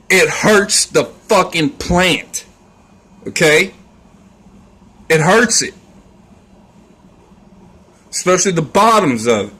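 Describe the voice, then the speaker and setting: Guy ranting on his vlog, slow drawl, cussing nonstop, rambly and scornful. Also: fairly high pitch, pushed and bright, slightly rough. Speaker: vlogger. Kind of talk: casual rambling vlog rant.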